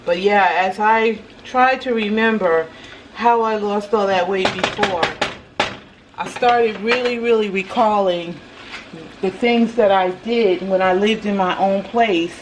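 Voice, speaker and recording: Speaking slowly in a mid-range voice, this woman cooks at home and makes easygoing vlog conversation directly with her audience. Her home video carries background noise and loud music.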